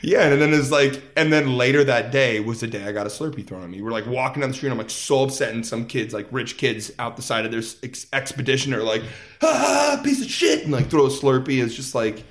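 A man's voice: mid-range voice, quick pace, hardly any pauses. A man in his thirties, a musician, telling stories in a casual interview and acting out quoted voices. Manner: animated, full of "like" and quoted voices. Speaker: musician guest.

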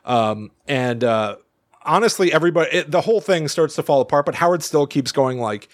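A man co-hosting a podcast, telling a story in casual chat with lots of restarts, fillers and laughs. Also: a little high. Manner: animated, halting storyteller with many restarts and laughs. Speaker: podcast co-host.

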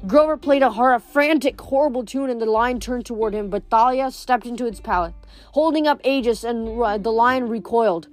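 A woman reading a novel aloud in a steady storytelling voice, with small slips and restarts. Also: on the high side, moderate pace, faint music behind. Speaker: reader.

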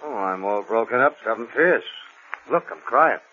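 A man's voice: medium pitch, expressive, moderate pace, lightly acted. Guy doing a slick mean mob boss, tinny old radio with hiss. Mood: menacing. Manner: smooth, threatening. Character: cold menacing male gangster boss. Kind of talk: 1940s radio acting.

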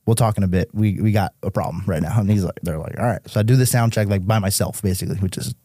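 A young man from Massachusetts tells tour stories on a podcast. He talks casually and with a lot of animation, peppering his speech with "like" and swearing. His voice sits low and mellow, and the recording is dry and close. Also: fast, no echo. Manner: animated, swears often, heavy use of "like". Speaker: guest musician.

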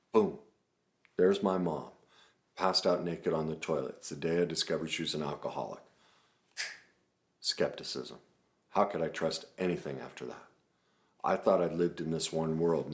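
A man, a self-help author, guiding listeners through memories with a string of questions, then telling a painful story and building to impassioned emphasis. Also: low-pitched. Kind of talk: guided reflection talk.

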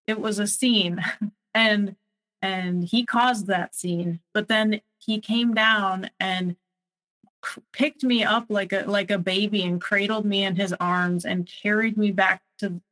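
Casting: young adult woman, halting personal testimony, mid pitch. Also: fairly even intonation, fairly bright tone, low-quality recording. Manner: halting, many fillers and restarts. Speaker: guest sharing her story.

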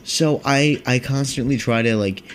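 A man's voice: mid-range voice, normal speed, a little hiss or hum. A young man hosting a casual podcast, rambling and swearing in a laid-back stoner monologue. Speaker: podcast host.

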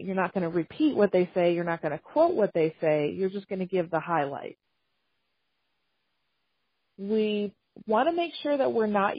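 Calm woman trainer, slightly husky. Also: medium pitch, no room sound. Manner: calm, measured, conversational, with acted-out example phrases. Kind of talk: instructional talk on communication. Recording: dull, slightly lo-fi dry recording.

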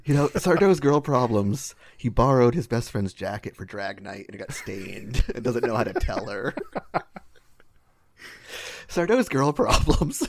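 A man's voice: medium pitch, sing-song, measured pace, no room sound. A man co-hosting a casual podcast, joking around and laughing often. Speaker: podcast co-host. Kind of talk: casual chat.

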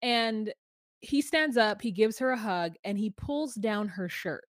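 Chatty and playful, this woman co-hosts a podcast recapping a reality show, joking around and breaking into goofy invented lyrics. She talks at a measured pace in a mid-range voice, with no echo on the recording.

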